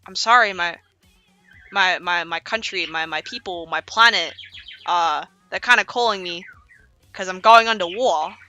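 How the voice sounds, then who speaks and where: A woman voicing an alien woman warrior called to war, who talks in a hurried, apologetic way. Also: fairly low pitch, sharp tone, muffled recording, faint music behind.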